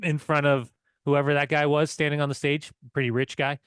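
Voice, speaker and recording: Excitable man chatting football, dry sound. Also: on the high side, a little fast, smooth, dry recording. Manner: excitable, swears, laughs while telling stories. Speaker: podcast co-host. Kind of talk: casual football chat.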